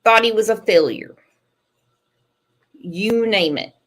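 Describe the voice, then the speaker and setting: A woman's voice: mid-range voice, slow pace. A woman hosting a casual livestream, chatting and teasing a caller. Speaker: channel host.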